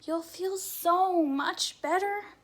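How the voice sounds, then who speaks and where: A woman's voice: very high voice, slow, voice pushed up. Woman doing a caring storybook sheepdog. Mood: coaxing.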